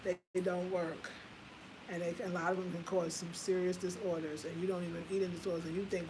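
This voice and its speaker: A woman in her fifties telling a personal story in a candid, animated way, swearing casually and laughing at herself. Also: fairly low pitch, a little fast, background noise. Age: 50s. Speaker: home design vlogger.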